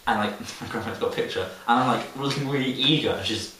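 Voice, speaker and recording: A young man in his late teens, telling a story in a rambling, animated way with plenty of laughs. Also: medium pitch, fast. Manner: rambling, animated, laughs often, many fillers. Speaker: podcast co-host. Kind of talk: casual storytelling chat. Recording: echoey room, distant mic, faint hiss.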